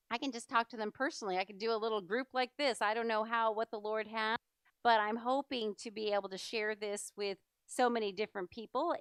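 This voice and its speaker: A woman's voice: fairly high pitch, a bit bright, clear, resonant tone, no echo. A middle-aged woman presenting a church health seminar, chatty and enthusiastic, with many fillers. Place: church hall.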